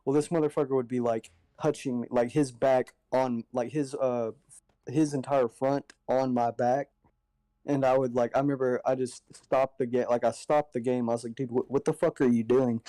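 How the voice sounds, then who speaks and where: Laid-back young man, mellow dry voice. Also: mid-range voice, little pitch movement, moderate pace, no room sound, low-quality recording. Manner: laid-back storyteller, swears a lot. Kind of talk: casual chat.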